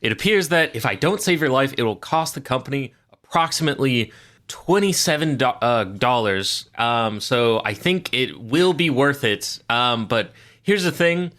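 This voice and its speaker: A man's voice: medium pitch, expressive, normal speed, fairly bright tone, lightly acted. A man playing a cold corporate character who hesitantly weighs the cost of saving a life. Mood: calculating. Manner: hesitant, calculating.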